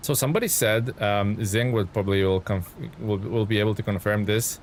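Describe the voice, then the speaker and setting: Talking fairly quickly in a voice on the low side, a man streams a truck game live, with slight background noise behind him. Between ums and chuckles he thinks aloud, chats with his viewers and thanks them.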